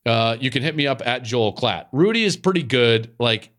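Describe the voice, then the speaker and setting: A man in his forties hosts a podcast in a casual, emphatic monologue. His mid-pitched voice swings up and down with lively animation, and his speech is loose and full of "like" fillers. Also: moderate pace. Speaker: podcast host.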